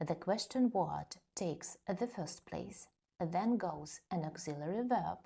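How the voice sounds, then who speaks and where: A woman teaching an English grammar lesson, explaining slowly and carefully and reading example sentences. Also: lowish voice, warm tone, husky.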